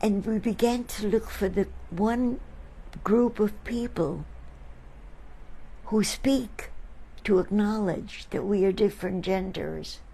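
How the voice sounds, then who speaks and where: A woman hosting a talk, telling reflective stories about friends to an audience in a slow, thoughtful way. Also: mid-range voice, vocal fry, mellow, low-quality recording. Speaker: artist and host.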